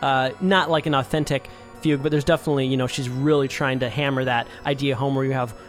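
A man's voice: medium pitch, steady tone, fast, faint music behind. A man hosting a casual podcast, chatting enthusiastically as he introduces tracks. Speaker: podcast host.

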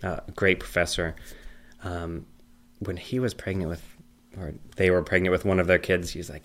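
Man, thirties, very low voice, rambling casual chat, animated storytelling. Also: normal speed. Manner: rambling, animated storyteller, acts out high-pitched dialogue.

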